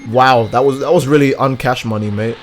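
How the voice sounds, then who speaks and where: A man live-streaming a game, chatting casually with his viewers and reacting loudly to the gameplay in a crude, animated way. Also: mid-range voice, fairly quick, faint music behind. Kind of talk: casual live-stream commentary while gaming.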